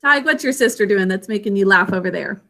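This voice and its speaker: A woman's voice: mid-range voice, expressive, fast talker, bright, forceful tone, faint music behind. A woman teaching a children's literacy lesson, patiently sounding out each word syllable by syllable. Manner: patient, sounds out words clearly.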